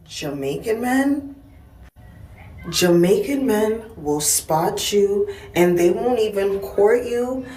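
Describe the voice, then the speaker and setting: A woman telling a casual anecdote in an animated way, acting out the voices she quotes. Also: medium pitch, slow. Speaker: storyteller. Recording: echoey room, mic far off.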